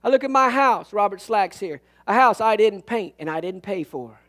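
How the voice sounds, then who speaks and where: A man preaching a sermon as pastor, animated and folksy, swinging from loud bursts to hushed tones and telling humorous stories. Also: sits high, normal speed.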